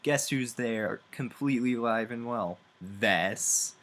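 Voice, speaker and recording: Slow, rambling young man reviewing a game. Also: mid-range voice, a bit bright. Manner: rambling, many fillers, chuckles often. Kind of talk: casual video game review.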